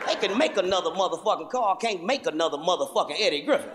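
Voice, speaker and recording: A man's voice: sits high, fast talker, a loud crowd. A man performing stand-up comedy, telling a profane story and acting out the people in it. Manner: profane, animated, acts out characters. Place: theater stage before a laughing audience. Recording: live hall with long reverb, faint noise.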